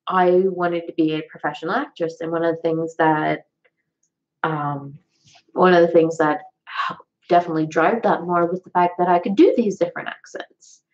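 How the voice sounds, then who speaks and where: Chatty woman vlogger, low voice, lo-fi sound. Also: steady tone, moderate pace. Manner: chatty, talks straight to viewers. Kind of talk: casual vlog chat.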